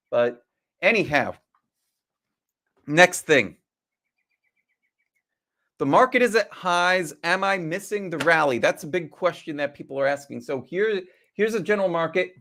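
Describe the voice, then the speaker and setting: A man's voice: high-pitched, a bit bright. A man hosting a live trading stream, chatty and casual, asking rhetorical questions and greeting viewers as they join.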